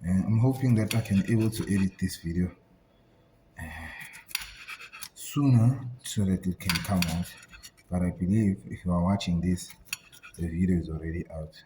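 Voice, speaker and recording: A man's voice: deep voice, normal speed, long pauses, background noise. A man hosting a casual cooking vlog, talking playfully and chanting repeated words as he cooks. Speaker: cooking vlogger.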